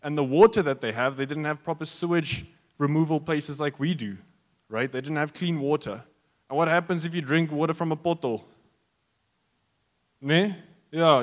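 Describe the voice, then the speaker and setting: A man's voice: a little high, long reverb tail. A man preaching a sermon as pastor, joking and talking straight to his congregation.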